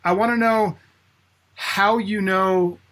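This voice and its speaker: A man's voice: high voice, fairly even intonation, slow, a bit bright. A man hosting a podcast, chatting casually with hesitant fillers. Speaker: podcast host. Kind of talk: casual interview chat.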